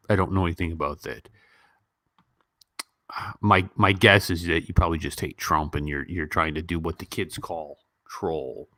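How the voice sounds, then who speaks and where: A man from Gary, Indiana, around fifty, hosting a casual live Q&A, answering viewers with sardonic deadpan jokes and frequent ums. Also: sits low, no room sound. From Gary, Indiana, United States. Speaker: livestream host answering viewer questions.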